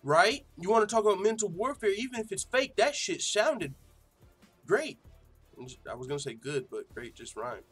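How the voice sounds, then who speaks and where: A man hosting a casual livestream show, reading viewer comments aloud and reacting in an animated, profane way, laughing often. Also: high-pitched, normal speed, slightly rough, faint music behind. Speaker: MMA show host.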